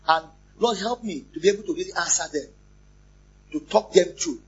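A pastor, preaching a lively sermon, repeating phrases and joking with the congregation. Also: male voice, high voice, a little fast, pauses often, slightly rough. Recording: muffled, lo-fi church recording.

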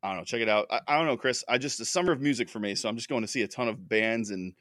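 A man with a mid-range voice co-hosting a casual podcast, recorded dry and close with no room sound. He talks in a relaxed, enthusiastic way. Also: medium pitch, racing, no echo. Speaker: podcast co-host.

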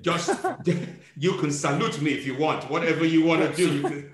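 A man's voice: a little high, fairly even intonation, moderate pace, echoey room, lightly acted. A man playing a pompous, self-important African military dictator who hosts a podcast, speaking with an African accent. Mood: teasing. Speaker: podcast host. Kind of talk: comedic character podcast chat.

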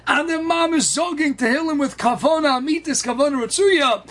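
A man telling an inspirational story in an animated, emphatic way, sprinkling in Hebrew and Yiddish terms. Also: very high-pitched, moderate pace. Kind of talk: inspirational story at a wedding celebration.

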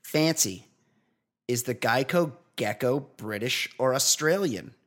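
A man's voice: medium pitch, expressive, slow, fairly bright tone. A man hosting a casual podcast, joking and reading listener questions in a mock-formal announcer manner. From New Zealand. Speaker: podcast host.

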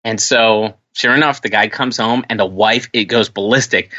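A man's voice: medium pitch, moderate pace, few pauses, lo-fi sound. A man co-hosting a podcast, telling stories in casual chat and acting out the voices of the people in them. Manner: animated, swears, acts out voices in stories. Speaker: podcast co-host.

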